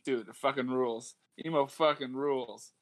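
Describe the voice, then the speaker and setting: A man's voice: medium pitch, fairly even intonation, moderate pace. A man co-hosting a podcast, chatting casually and enthusiastically, with plenty of fillers and swearing. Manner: rambling, enthusiastic, swears often, many fillers. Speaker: podcast co-host. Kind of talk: casual chat.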